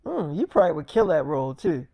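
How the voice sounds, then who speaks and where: A woman's voice: sits low, very animated, quick pace, mellow, no room sound, studio quality, pitched below the performer's own voice, exaggerated voice. A man voicing a young woman, an actress girlfriend, who asks question after question. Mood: curious. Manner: questioning, curious.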